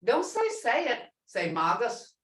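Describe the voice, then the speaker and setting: Slow-talking woman teaching pronunciation. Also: fairly high pitch, huge pitch swings. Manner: repeats words slowly, prompts students to answer. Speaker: language teacher. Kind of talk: classroom language lesson. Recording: echoey room, mic at a distance.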